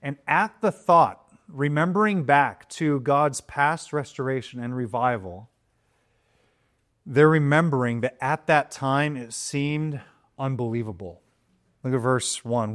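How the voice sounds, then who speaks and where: A middle-aged man preaching a sermon, telling stories with animated, excited swings into quoted voices. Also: measured pace. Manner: animated storytelling, jumps high for excited quotes. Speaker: pastor.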